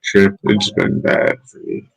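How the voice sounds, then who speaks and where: A man's voice: slow pace, rough recording. A man chatting casually on a home livestream, laid-back and chatty, leaning on "like" a lot. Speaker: guest streamer. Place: home, living in Lima. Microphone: streaming mic setup.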